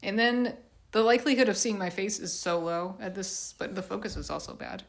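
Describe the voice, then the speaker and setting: A woman's voice: medium pitch, a little fast, echoey room. A woman chatting casually on a live stream from a laundry room, a bit congested and sniffly, nervous and self-deprecating.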